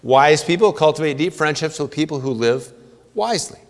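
Male pastor, earnest sermon delivery, slightly high voice, church-hall reverb. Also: lively intonation, normal speed. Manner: earnest preaching, reading scripture aloud, playful asides. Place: church sanctuary.

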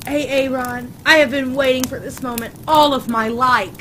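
Woman doing a loud man with a mock Aussie accent. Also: steady tone, normal speed. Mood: pleading. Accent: exaggerated mock Australian. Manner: loud, high, overdone and flirty. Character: goofy adult man doing a fake Aussie voice. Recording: noisy background ambience.

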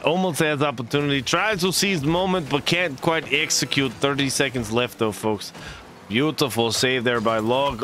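A man's voice: mid-range voice, a bit bright, slight background noise, voice pushed up. A man doing a put-on Russian accent as a boastful male esports caster, speaking stiffly and formally without contractions. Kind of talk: live esports commentary.

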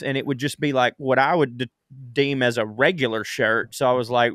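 A man co-hosts a casual podcast in a mid-pitched voice, recorded close and dry. He tells drawn-out anecdotes in a laid-back, wry way. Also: a bit bright, dry recording. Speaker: podcast co-host.

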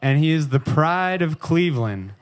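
A man's voice: fairly high pitch, expressive, moderate pace, noisy background. A man introducing the next act from a club stage as emcee.

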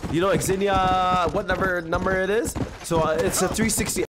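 A young man streaming a game live, loud and animated, swinging between shouting and low muttering as he talks to chat. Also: moderate pace, background noise. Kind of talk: live gameplay commentary.

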